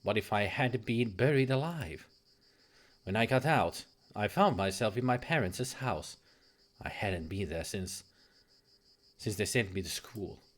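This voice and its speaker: A man voicing a composed Victorian woman telling a dreadful story, in a low, hushed and measured tone while reading game dialogue aloud. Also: expressive.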